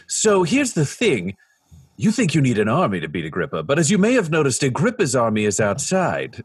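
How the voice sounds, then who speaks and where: A man playing a tabletop game, speaking in a calm, persuasive way. His voice is husky and lively, and the sound is close and dry. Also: mid-range voice, no echo. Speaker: player. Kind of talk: tabletop role-play.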